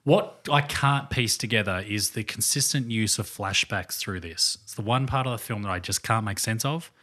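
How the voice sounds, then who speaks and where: A man's voice: on the low side, moderate pace, bright, forceful tone. A man co-hosting a casual film podcast, talking earnestly with frequent restarts. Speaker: podcast co-host.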